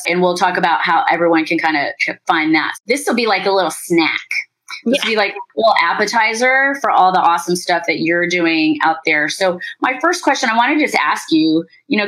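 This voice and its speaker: A woman's voice: medium pitch, animated, fairly quick, a bit bright, poor audio. A woman hosting a marketing podcast, chatting casually and upbeat with her guest and laughing often. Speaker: podcast host. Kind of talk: casual interview chat.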